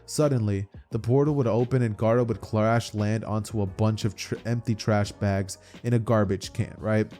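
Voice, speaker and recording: A man's voice: fairly low pitch, fairly even intonation, normal speed, hardly any pauses, warm tone, faint music behind. A young man narrating a story in a casual, chatty way as storyteller.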